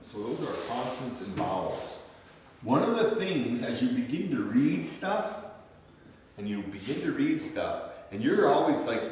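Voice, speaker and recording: A man's voice: mid-range voice, a little mellow, far from the mic, slight background noise. Man teaching a class in an echoey room. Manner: checks in often with "okay?" and "you see?". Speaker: language teacher. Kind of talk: classroom lesson.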